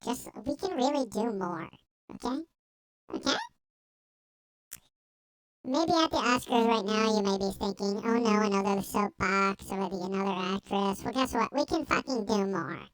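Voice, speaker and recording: A man voicing a vapid young actress preaching at an awards show, in a breathy, girly baby voice and a sing-song, self-important manner. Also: sits high, wildly swooping pitch, moderate pace, fairly bright tone, pitched above the performer's own voice, full character voice. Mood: preachy.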